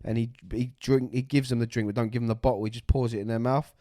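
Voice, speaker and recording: A man's voice: medium pitch, fairly even intonation, fast, mellow, no room sound, clean studio sound. A man, hosting a podcast and telling a story casually, swearing freely and acting out the voices of the people he met. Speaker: podcast co-host.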